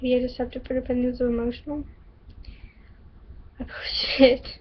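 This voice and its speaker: A woman's voice: sits high, flat delivery, a little fast, slightly rough, highs cut off. A woman from the Southern US vlogging and reading her own story aloud, chatty and giggly, often interrupting herself. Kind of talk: casual vlog and story reading.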